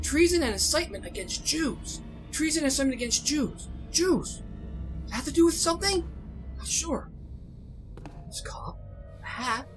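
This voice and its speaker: A woman hosting a horror game let's play, jumpy and excitable, talking to herself with yelps and nervous laughs. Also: sits high, rough recording. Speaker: gaming channel host.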